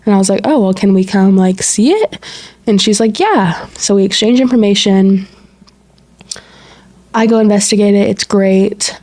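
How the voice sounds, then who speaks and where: A woman's voice: medium pitch, moderate pace, pauses often. A woman co-hosting a podcast, casually telling a story and acting out quoted dialogue, full of "like" fillers. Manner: animated retelling with quoted dialogue and frequent "like". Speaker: podcast co-host.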